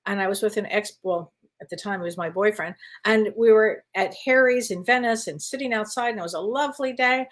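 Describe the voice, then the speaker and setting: A woman co-hosting a casual spiritual chat show, an animated, chatty storyteller who reads viewer questions aloud. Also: mid-range voice, brisk. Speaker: co-host. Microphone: live online show.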